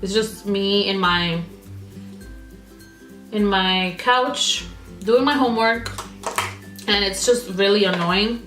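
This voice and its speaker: A woman's voice: medium pitch, slow pace, long pauses, fairly bright tone, reverberant, faint music behind. A young woman vlogger venting in a casual, rambling chat while she does her makeup, full of "like" fillers and exasperated asides. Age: young adult. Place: indoor room at home. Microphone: camera mic.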